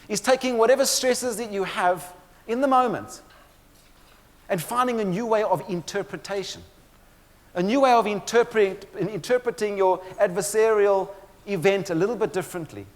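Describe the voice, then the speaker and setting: A man with a high voice gives a keynote talk from a stage. He tells his stories with dry humor and turns often to the audience. His words trail off into a long hall reverb. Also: moderate pace. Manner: storytelling with dry humor, addresses audience directly. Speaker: motivational speaker. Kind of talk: keynote presentation on stress.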